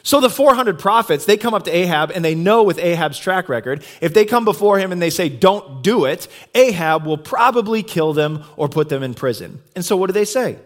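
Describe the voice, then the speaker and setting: A male pastor giving a sermon, retelling a story in a conversational, animated way. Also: high-pitched, fairly quick, hardly any pauses.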